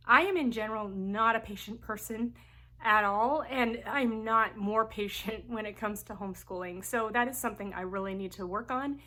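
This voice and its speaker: A woman in her thirties talks openly to her viewers about homeschooling, musing aloud in a confiding, honest way. Her voice sits a little high for a woman. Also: fairly bright tone. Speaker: homeschooling mom and channel host. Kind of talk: candid vlog talk to camera.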